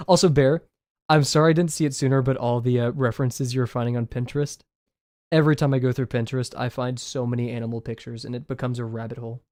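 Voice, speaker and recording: Young man, drawing streamer, rambling, self-deprecating, average pitch, dry close sound. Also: fairly even intonation, quick pace, darkish tone, dry recording. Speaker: drawing livestreamer. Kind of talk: casual chat with viewers while drawing.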